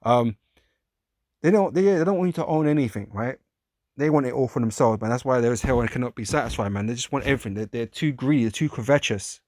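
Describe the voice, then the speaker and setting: A man's voice: medium pitch, expressive, fast talker, darkish tone, dry recording. Guy preaching bible stuff in aave, swears a lot, loops back on himself, dry close sound. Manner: casual, profane, repetitive, slangy. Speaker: street preacher. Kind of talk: informal scripture teaching.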